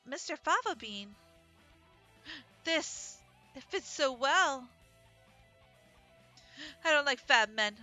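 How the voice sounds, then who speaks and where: A woman voicing a tough, bitter female biker who speaks bluntly and gruffly. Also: high-pitched, bright, forceful tone.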